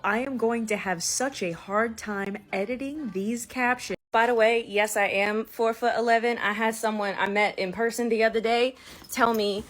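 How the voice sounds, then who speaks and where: A woman's voice: fairly high pitch, steady tone, moderate pace, soft background music. A young woman, ranting comedically to her phone camera in a brash, profane, riffing way. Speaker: TikTok comedian. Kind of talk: casual comedic rant to camera.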